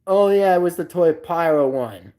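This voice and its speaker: A woman's voice: fairly low pitch, lively intonation, normal speed, mellow. A woman streamer chatting casually on a livestream, rambling and repeating herself, often laughing.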